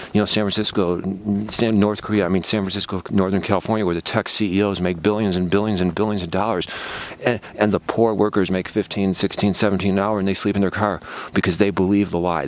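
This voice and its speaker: A man's voice: low-pitched, fairly even intonation, quick pace, few pauses, a little mellow, a little hiss or hum. A man delivering a heated, repetitive, sarcastic political rant, talking straight into his own camera. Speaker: political vlogger. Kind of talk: ranting monologue.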